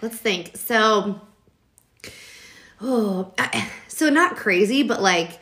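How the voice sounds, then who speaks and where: A woman's voice: mid-range voice, animated, drawn-out words, fairly bright tone. A woman with a mid-range voice talks frankly on a podcast. She swears freely and jokes as she tells stories. The chat is loose and casual. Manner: frank, profane, joking. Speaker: podcast co-host.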